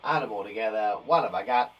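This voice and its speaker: A man's voice: fairly low pitch, fast talker, lo-fi sound. A young man teaching a live maths lesson for young children, encouraging and reassuring, thinking aloud as he counts up in tens.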